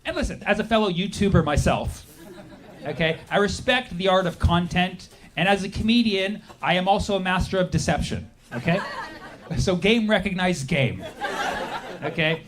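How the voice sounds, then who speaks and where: A young man doing a stand-up comedy set, sarcastic, jumping into quick acted-out voices. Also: high-pitched, animated, fairly bright tone. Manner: sarcastic, acts out characters in quick bursts. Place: comedy stage with a laughing audience.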